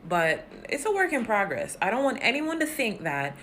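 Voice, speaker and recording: A woman in her thirties talking candidly to her viewers, swinging between animated emphasis and quiet, hushed remarks. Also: a little high, normal speed, a little hiss or hum. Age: 30s. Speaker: vlogger. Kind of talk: casual talk to camera.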